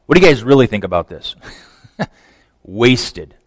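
A man preaching a conversational sermon, swinging from emphatic to hushed. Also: mid-range voice, big pitch swings, a little slow, dry recording, big-room sound. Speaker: pastor.

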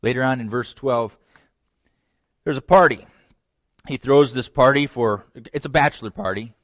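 A man preaching a sermon, retelling a scripture story with lively acted-out lines and direct asides to his listeners. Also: mid-range voice, normal speed, dry recording, studio quality. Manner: animated storytelling, acts out voices; direct address to young men. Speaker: pastor.

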